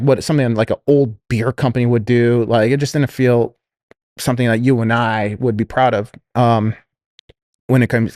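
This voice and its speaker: Here a man's mid-range voice comes through a dry, clean studio recording as he relates a business story on a podcast. His telling is casual and rambling, full of fillers and restarts, and he gives the people he quotes lively voices.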